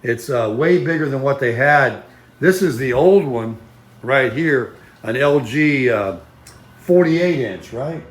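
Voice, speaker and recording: A man's voice: mid-range voice, lively intonation, slow pace. A man talking in a casual, rambling, folksy vlog style. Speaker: vlogger.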